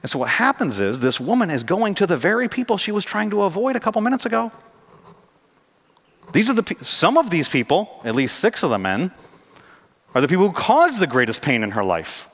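A man preaching a sermon as pastor, animated and jokey, acting out scenes for his congregation in a church. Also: high voice, brisk. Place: church sanctuary. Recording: long hall reverb.

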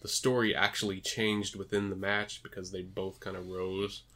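A man's voice: low-pitched, level tone, moderate pace, bright, forceful tone. A man co-hosting a podcast, chatting casually and laughing as he tells stories. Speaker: podcast co-host. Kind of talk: casual chat.

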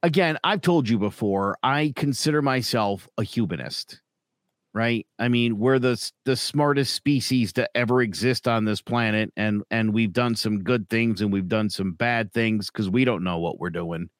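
A man's voice: fairly low pitch, normal speed, no room sound, studio quality. A man co-hosting a casual podcast, rambling and opinionated with frequent fillers. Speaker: podcast co-host. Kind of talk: casual chat.

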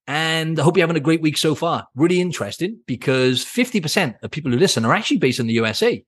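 A man's voice: a little high, expressive, fast talker, a bit bright, breathy edge. A man with a British accent, a fitness coach hosting a solo podcast in an upbeat, chatty way, often tagging his points with a questioning "right?". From Britain.

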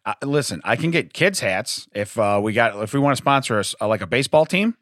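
A man's voice: medium pitch, lively intonation, brisk, fairly bright tone, no room sound, clean studio sound. A man co-hosting a podcast in casual chat, easygoing and laughing often. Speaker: podcast co-host.

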